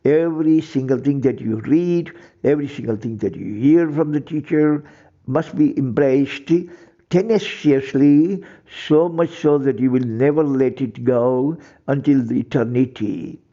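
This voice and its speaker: A man's voice: mid-range voice, measured pace, warm tone, lo-fi sound. A man lecturing emphatically, repeating phrases and using ornate words. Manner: emphatic, repetitive, ornate vocabulary. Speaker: teacher. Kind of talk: lecture to camera.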